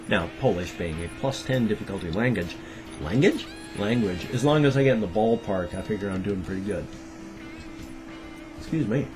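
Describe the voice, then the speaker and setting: A man's voice: on the low side, lively intonation, normal speed. A man in his fifties talking to camera in a rambling daily vlog, wry and darkly joking. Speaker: daily vlogger. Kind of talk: rambling monologue. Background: music.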